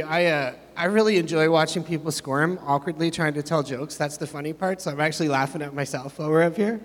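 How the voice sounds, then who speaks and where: A man's voice: a little high, fairly bright tone. A middle-aged man preaching a sermon as pastor, chatty and self-mocking, rambling between jokes. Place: church hall. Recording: reverberant church hall.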